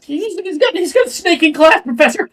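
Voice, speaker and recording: A game master voicing a panicky young male student who is terrified of snakes, yelping high and loud in a tabletop game. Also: huge pitch swings, a little slow. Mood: panicked. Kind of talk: tabletop role-play voice.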